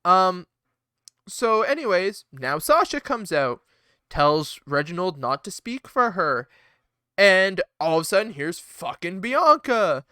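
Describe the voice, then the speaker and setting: A man's voice: sits high, slow pace, clean tone, no room sound, studio quality. A man co-hosting a casual podcast, talking animatedly with lots of swearing and laughter. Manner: animated, profane, laughs often, acts out wrestlers' lines. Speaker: podcast co-host.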